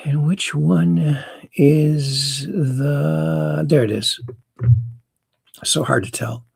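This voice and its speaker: A man's voice: a little high, steady tone, extremely slow, creaky, a little mellow, breathy edge, no room sound, studio quality. A man hosting a casual call-in livestream, chatty and rambling as he reads viewer messages aloud. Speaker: host.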